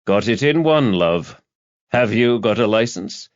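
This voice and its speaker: A man's voice: lively intonation, unhurried, no room sound. A man doing a sardonic weary detective. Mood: needling. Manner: dry, mocking, low-key. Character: world-weary middle-aged male detective, sardonic and needling. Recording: dull, dry lo-fi audio.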